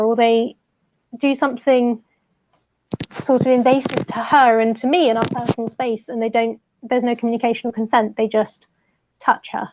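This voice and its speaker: A woman's voice: fairly high pitch, darkish tone, lo-fi sound. A woman in casual chat about life with her service dog, light-hearted and often laughing as she retells exasperating encounters. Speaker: co-host, service dog user.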